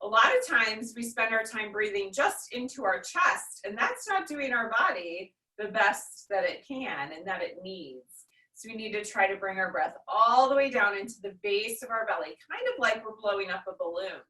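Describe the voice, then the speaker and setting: A woman teaching a children's yoga class, giving gentle, instructive breathing cues with playful animal noises. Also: medium pitch, expressive, normal speed. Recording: echoey room, far from mic.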